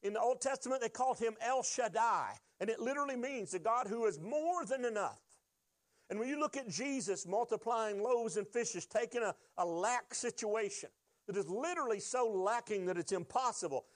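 A man's voice: high voice, expressive, normal speed, no echo. A man preaching a sermon, telling a personal testimony in an earnest storytelling way and drawing out his key phrases. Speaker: pastor.

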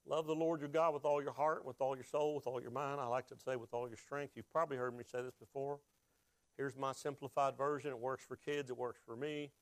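A man's voice: medium pitch, little pitch movement, a little fast, dry recording. A man preaching a sermon, emotional at times and drawing the congregation into call-and-response. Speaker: pastor.

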